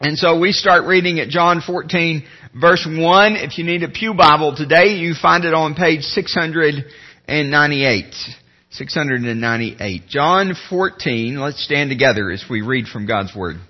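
A man preaching a sermon as pastor, earnest, slowing and dropping low when he reads scripture. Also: muffled recording. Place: church sanctuary.

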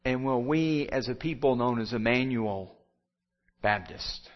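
A man's voice: mid-range voice, a little slow, dull audio. A pastor giving a sermon, building his points through repeated phrases and rising appeals.

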